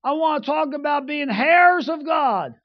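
A man playing a weepy, fervent male preacher who draws out his words and shouts from the pulpit, on a dull lo-fi recording. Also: extremely high pitch, animated, dry recording, exaggerated voice. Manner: slow, drawn-out pulpit shouting.

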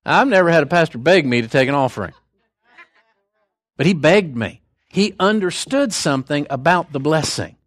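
A man's voice: on the high side, animated, moderate pace, dry recording. Older man preaching, dry close sound. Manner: conversational, storytelling, folksy asides. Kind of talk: sermon.

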